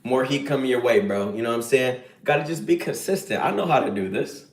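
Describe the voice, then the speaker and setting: A man's voice: medium pitch, lively intonation, brisk, roomy sound. A man live streaming, giving a casual, slangy lecture in a preachy and emphatic way.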